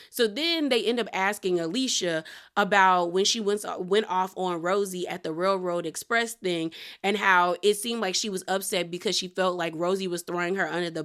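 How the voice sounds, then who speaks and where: A woman's voice: mid-range voice, a bit bright. A woman casually recapping a reality show episode, animatedly retelling who said what and laughing often.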